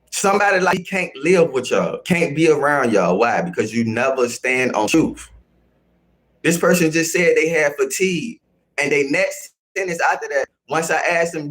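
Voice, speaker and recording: A man's voice: a little high, animated, moderate pace, fairly bright tone. A man hosting a live stream, speaking, confrontationally scolding his chat and repeating his phrases. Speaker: livestream host. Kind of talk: casual live-stream rant.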